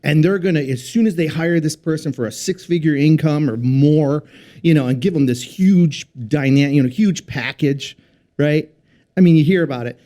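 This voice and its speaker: A man's voice: fairly high pitch, moderate pace, warm tone. A man guesting on a business podcast, explaining earnestly in a conversational way with many fillers. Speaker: podcast guest, company founder. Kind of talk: casual interview chat.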